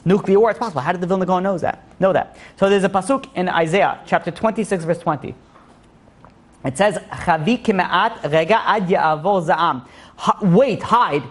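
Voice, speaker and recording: A man's voice: sits high, a little fast. A man, a rabbi, giving a rambling Torah lecture full of restarts and fillers. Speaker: rabbi teaching a class.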